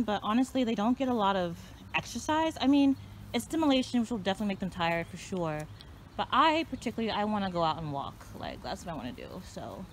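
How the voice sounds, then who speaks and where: Chatty woman vlogging on a noisy trail. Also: medium pitch. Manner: chatty, addresses viewers as y'all, coos at her dogs. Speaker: vlogger walking her dogs. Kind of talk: casual vlog chat. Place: outdoors on a hiking trail, then a home yard.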